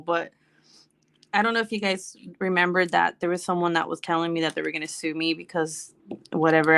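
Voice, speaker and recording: A woman's voice: on the low side, creaky, a bit bright. A woman chatting casually on a home livestream, rambling and laughing often. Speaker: livestream host.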